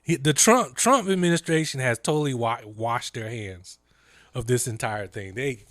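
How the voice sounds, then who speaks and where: A man's voice: medium pitch, normal speed, fairly bright tone, dry recording, studio quality. A man hosting a live stream, telling stories animatedly with lots of fillers and impressions. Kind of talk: casual chat.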